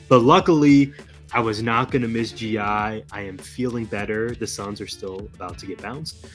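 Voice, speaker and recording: A man with a fairly low voice co-hosts a podcast, talking in an upbeat, energetic way and laughing easily. He is recovering from a cold. Faint music plays quietly under him. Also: brisk. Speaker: podcast co-host. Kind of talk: casual chat.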